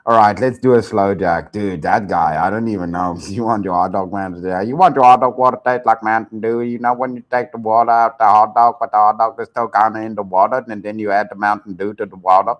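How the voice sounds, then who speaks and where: A man's voice: fairly low pitch, fairly even intonation, brisk, hardly any pauses. A South African man hosting a reaction show, joking and laughing in loose casual commentary. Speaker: host.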